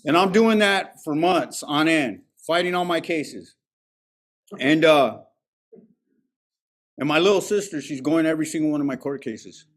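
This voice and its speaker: A man's voice: a little high, measured pace, long pauses. A man sharing his recovery story at a meeting, candid and profane in a streetwise way. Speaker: speaker at a recovery alumni meeting. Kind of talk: personal recovery testimony.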